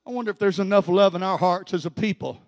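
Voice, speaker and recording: A man preaching with a very high, strained voice that carries a gravelly rasp. He shouts his lines in a fervent sermon delivery and fills his pauses with repeated "uh"s. His speech. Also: long reverb tail. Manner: preaching with rising shouted intensity and frequent "uh" fillers. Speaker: pastor.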